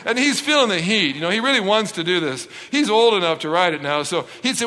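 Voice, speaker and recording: A middle-aged preacher from Canada tells a story from the pulpit, voice high and bright for a man. He acts out every exchange with playful, self-mocking humor. His words ring out with a long reverb through a large hall. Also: quick pace, few pauses. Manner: animated, acts out dialogue with self-deprecating humor. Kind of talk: storytelling sermon.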